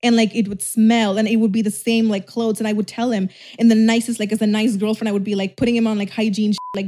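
A woman's voice: on the high side, level tone, quick pace, hardly any pauses, mellow. A young woman telling a personal story on her vlog in a candid, rambling way, saying "like" often, restarting sentences and swearing casually. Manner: candid, rambling, heavy use of "like", frequent restarts. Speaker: YouTuber.

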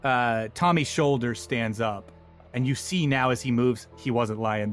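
A man narrating as game master of a comedy tabletop game, animated and joking. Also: medium pitch, soft background music. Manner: animated, joking, quick asides.

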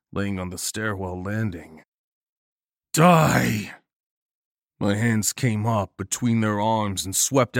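A man's voice: fairly low pitch, fairly bright tone, no echo, clean studio sound. A man giving an intense, dramatic first-person narration of a horror story.

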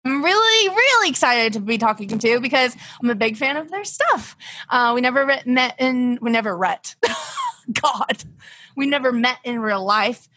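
A woman's voice: a little high, animated, moderate pace, pushed and bright, no room sound. A young woman hosting a comedy podcast over a remote call, scolding and ditzy, often cracking herself up. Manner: ditzy, scolding, breaks into laughs. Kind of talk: improvised comedy bit.

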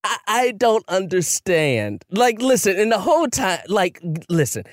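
A man's voice: sits high, unhurried, dry recording, studio quality. A man co-hosting a podcast, casual chat, arguing his point with lots of laughing and swearing. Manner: animated, laughing, profane, argumentative. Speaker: podcast co-host.

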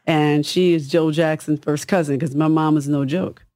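A woman singer with a husky, low-toned voice, talking casually and emphatically as an interview guest. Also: steady tone, moderate pace, dark tone, no room sound, studio quality.

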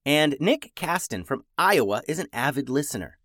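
A man hosting a children's podcast, narrating stories in a playful, animated way into a close, dry mic. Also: on the high side, normal speed, dry recording. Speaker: children's podcast host and storyteller. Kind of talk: storybook narration for kids.

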